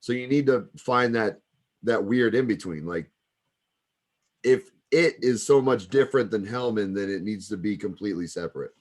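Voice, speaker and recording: Low-voiced guy coaching wrestlers, laid back, says like a lot. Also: normal speed. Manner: relaxed, rambling, full of fillers like "like". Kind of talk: casual critique.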